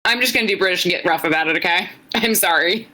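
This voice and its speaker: A woman co-hosting a podcast in casual chat, a bit tipsy, chatty and quick to laugh at herself. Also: lowish voice, sharp tone, low-quality recording. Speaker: podcast co-host.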